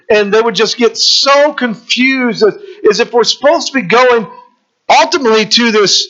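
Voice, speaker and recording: A man preaching to his congregation in a fairly high voice. He builds through repeated questions and reads scripture aloud. The recording sounds dull and lo-fi. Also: sharp tone. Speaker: pastor. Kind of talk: sermon.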